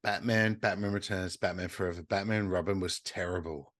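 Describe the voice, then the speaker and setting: A man with a very deep voice, co-hosting a casual podcast. He retells action movie scenes with lots of swearing. He throws himself into the quotes, jumping up into high voices for the characters. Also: steady tone, a little fast, a bit bright, no echo. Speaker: podcast co-host.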